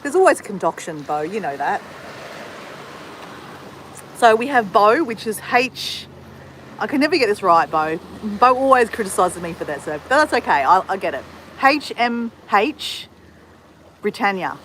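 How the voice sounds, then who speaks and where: A livestream host from Australia chats casually with viewers from a sunny outdoor spot, greeting them and addressing their comments. Her mid-range voice is fairly bright, with big pitch swings, a normal pace, and long pauses. The recording is rough, with slight background noise.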